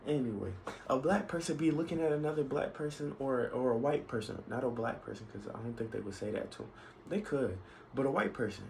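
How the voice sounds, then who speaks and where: Rambling through a vlog rant, this man keeps restarting and wandering into asides as he shares his opinions. He sounds expressive and brisk, with a medium-pitched, creaky, slightly mellow voice, and the audio is poor with faint noise behind him.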